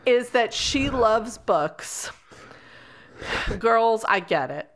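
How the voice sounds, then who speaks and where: A woman tears into a novel in a casual book chat, sarcastic and swearing freely. Her somewhat high voice swoops widely as she rants. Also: drawn-out words, slight background noise. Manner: sarcastic, animated, swears freely, acts out characters. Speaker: book podcast co-host.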